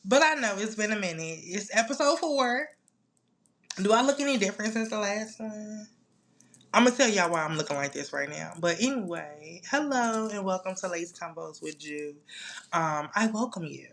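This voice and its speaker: A young woman hosting her own podcast in a casual solo chat, playful, animated and full of slang. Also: mid-range voice, moderate pace. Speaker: podcast host.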